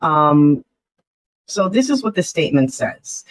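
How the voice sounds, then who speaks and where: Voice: mid-range voice, sing-song, measured pace, dry recording, low-quality recording. A vlogger giving casual commentary, chatty and skeptical, with frequent ums and uhs.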